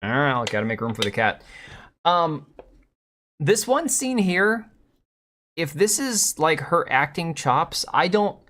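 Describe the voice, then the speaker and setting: A man's voice: on the high side, sing-song, a little slow, long pauses, a bit bright. Man, live-stream host, sarcastic, mocking, casual rambling commentary. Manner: sarcastic, mocking, chats to viewers and his cat.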